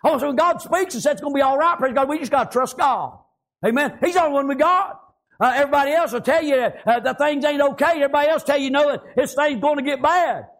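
A man preaching in a fervent drawl, his voice sitting unusually high. He strings his sentences together with constant amens and praise Gods. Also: fast, fairly bright tone. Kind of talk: sermon.

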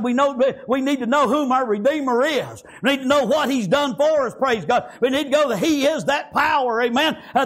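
High-voiced fervent preacher man. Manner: bursts into shouts, fills pauses with "praise God" and "amen". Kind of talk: fervent sermon.

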